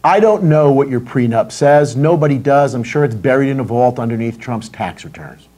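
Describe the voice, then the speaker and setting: A man's voice: medium pitch, expressive, moderate pace, warm tone. A middle-aged man from the United States hosting a political commentary show, ranting in an indignant, sarcastic and profane way.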